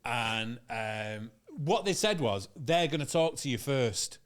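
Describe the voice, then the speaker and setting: A man, a comedian guest, telling a comic story in an animated, sweary way and laughing through it. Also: medium pitch, takes it slowly.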